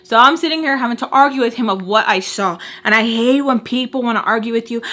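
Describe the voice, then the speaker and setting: A woman vlogger recounts a story in casual, animated chat. She is blunt, swears freely and mixes Spanish words into her English. Her voice is bright and sharp. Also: a little high, quick pace, hardly any pauses.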